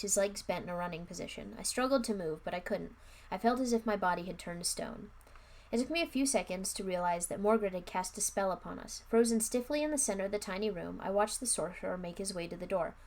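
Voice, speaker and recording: A woman's voice: medium pitch, a little mellow. A young woman streaming a live book reading, narrating and breaking off for wry, offhand comments. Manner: wry, offhand, chatty asides.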